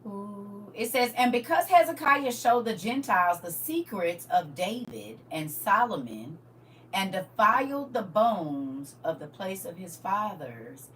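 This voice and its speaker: Woman host, bright tone, preachy rhetorical talk, set back from the mic with faint hum. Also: mid-range voice, big pitch swings, a little slow, distant mic. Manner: preachy, rhetorical questions, swings from loud to quiet. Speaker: host reading and commenting on scripture. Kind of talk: casual livestream commentary.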